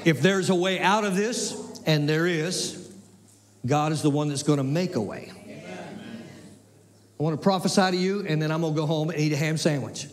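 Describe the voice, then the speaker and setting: A pastor, preaching with emphatic repetition and folksy asides, sometimes dropping to a soft, near-whispered delivery. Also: male voice, a little high, normal speed, long pauses. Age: 60s. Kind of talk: sermon.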